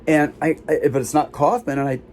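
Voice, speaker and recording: A man performing a live comic storytelling show, recounting a hospital visit in halting, self-interrupting sentences. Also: fairly high pitch, fairly even intonation, a little mellow, a little hiss or hum. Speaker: solo performer. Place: small theater stage.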